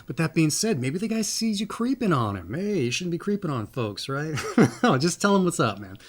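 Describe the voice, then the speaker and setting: A man's voice: on the high side, big pitch swings, moderate pace. A man hosting a birthday reading show in a casual, rambling, folksy way. He makes playful asides and keeps coming back to a catchphrase as he reads from a book. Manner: rambling, folksy, often says "that's right". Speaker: host of a birthday reading channel.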